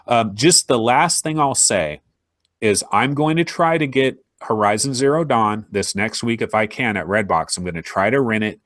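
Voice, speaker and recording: A man hosting a podcast in casual chat, animated and acting out imagined listeners. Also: mid-range voice, normal speed, no room sound, clean studio sound. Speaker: podcast host.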